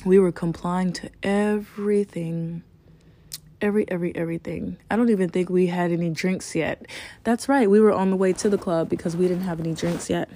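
A young woman in her twenties casually telling a personal story, frank and profane, with animated retelling. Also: lowish voice, brisk. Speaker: storyteller sharing a personal experience.

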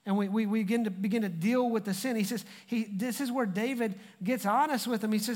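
A male pastor with a high, light voice preaches conversationally and hammers points home by repeating phrases. His words ring out with a long, hanging reverb, as in a large hall. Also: fairly quick, hardly any pauses. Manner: conversational preaching with emphatic repetition. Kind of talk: sermon.

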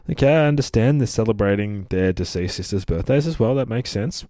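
Low-voiced guy hyping up a comic, swears a lot, rambly, dry close sound. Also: brisk, hardly any pauses, no echo. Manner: excitable and profane, gushing; rambling, with many fillers. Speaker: comic book podcast host. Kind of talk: casual comic book review.

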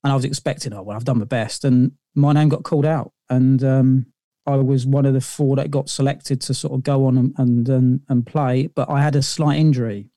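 Guy rambling thru his stories, lots of um and sort of, relaxed mellow voice. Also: medium pitch, moderate pace, no echo, studio quality. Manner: rambling, with many fillers and restarts. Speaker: podcast guest. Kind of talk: casual interview storytelling.

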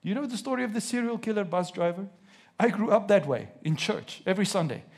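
A man preaching a sermon to a congregation in a church, reading scripture slowly and with emphasis, putting questions to his listeners and joking now and then. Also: high voice, animated, creaky, darkish tone.

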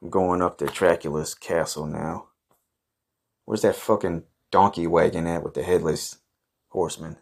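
A man's voice: low voice, steady tone, moderate pace, vocal fry. A man telling a crude comic story in the first person, brash and swaggering, who swears a lot and bursts into outrage. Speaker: comedy podcast host.

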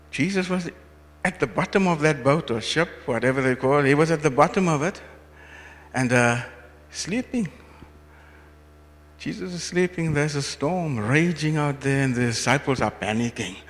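A man preaching from the pulpit with a fairly high voice and an unhurried, drawn-out delivery. He builds to loud passages, then drops low, and puts questions to the congregation. A long reverb trails his words around the hall. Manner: repeats and restarts phrases. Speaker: pastor. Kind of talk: sermon.

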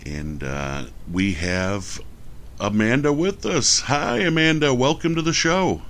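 A man's voice: mid-range voice, expressive, takes it slowly, a bit bright. A man with a New York accent hosting a podcast, enthusiastic and rambling. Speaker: podcast host. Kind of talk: podcast interview.

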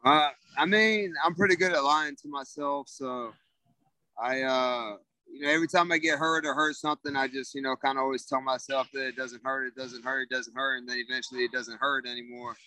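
A man's voice: medium pitch, fairly even intonation, brisk, bright, forceful tone, dry recording, poor audio. Laid-back young man telling a story. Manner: laid-back, rambling with many fillers. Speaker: guest, former football player. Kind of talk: casual interview storytelling.

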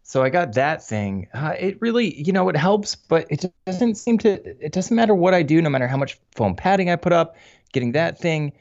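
A man's voice: fairly high pitch, very animated, moderate pace. Hesitant male guest on a dull line. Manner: hesitant, restarts often. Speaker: podcast guest. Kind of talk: casual conversation. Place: echoey home recording room. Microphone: home podcast mic over video call. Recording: dull lo-fi call in an echoey room.

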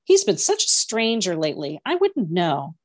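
A woman's voice: on the low side, huge pitch swings, moderate pace, a little mellow, dry recording, clean studio sound. A woman voicing a poised, condescending teenage older sister who speaks with a superior air.

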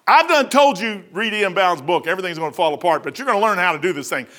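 A middle-aged man preaching a sermon in a folksy, animated way, building to emphatic high peaks. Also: quick pace.

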